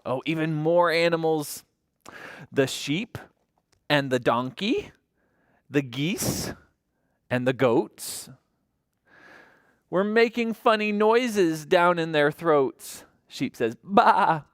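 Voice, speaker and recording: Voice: mid-range voice, lively intonation, slow, pauses often, smooth, no echo. A children's librarian reading a picture book aloud to toddlers, imitating animal sounds and asking the children questions.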